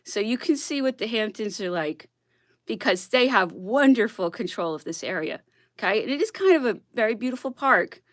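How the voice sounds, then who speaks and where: A woman's voice: on the high side, lively intonation, moderate pace, no room sound, studio quality. A woman blogger on a casual, worked-up rant who keeps asking "okay?" and laughs between her points.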